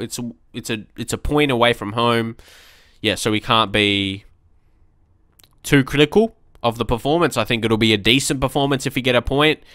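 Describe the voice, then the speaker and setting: A man's voice: medium pitch, a bit bright, clear, resonant tone, dry recording, studio quality. A young man chatting casually through his gameplay, rambling and reacting aloud to the match. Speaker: let's play commentator.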